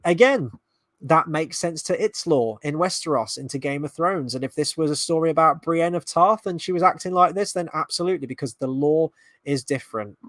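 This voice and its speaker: A man's voice: on the high side, a little fast, fairly bright tone, dry recording. A man hosting a fan reaction video, talking casually with sarcastic, exasperated commentary and frequent swearing.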